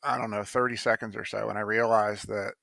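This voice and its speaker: A man with a low, gravelly voice tells a personal story in a loose, rambling way, stopping often for ums and restarts. His tone has a bright, tense edge, and he talks bluntly, with the odd swear word. The recording is dry and close. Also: flat delivery, fairly quick, dry recording. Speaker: poet telling how he wrote a poem. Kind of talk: casual spoken monologue.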